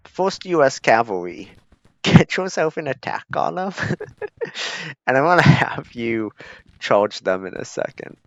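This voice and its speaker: A man's voice: medium pitch, fairly bright tone, no echo. A man giving casual, joking gameplay commentary as a streamer, chuckling and talking to his units. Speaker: gaming streamer. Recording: dull lo-fi mic.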